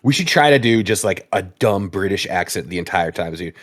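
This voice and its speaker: A man's voice: deep voice, lively intonation, a little fast, no room sound, clean studio sound. A man co-hosting a casual gaming podcast, chatting playfully and rambling with laughs. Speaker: podcast co-host.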